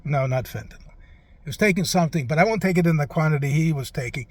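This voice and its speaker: Man doing elderly male president, rambling, forgetful, halting, lots of "uh", slightly high voice, comic impression. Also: no room sound, natural voice. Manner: halting, trailing off, full of "uh".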